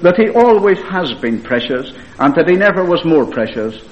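A frail old woman of ninety-three speaks slowly and softly, weak yet clear, as a male preacher lends her his voice. She is gentle and devout, and her words are lifted a little higher than the teller's own plain tone. It comes through a dull, lo-fi old recording. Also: big pitch swings. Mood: tender. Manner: soft, slow, weak but clear.

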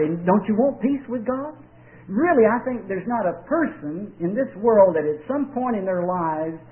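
A man preaching a sermon, telling folksy stories and drawing out key words with emphatic pauses. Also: sits high. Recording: tinny old radio broadcast.

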